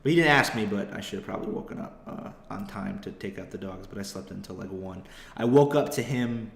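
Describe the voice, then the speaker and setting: A man's voice: on the low side, gravelly, a little hiss or hum. A young adult man, a comedian hosting his podcast, tells a story in a rambling, profane, self-deprecating way. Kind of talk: casual comedic podcast monologue. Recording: roomy echo.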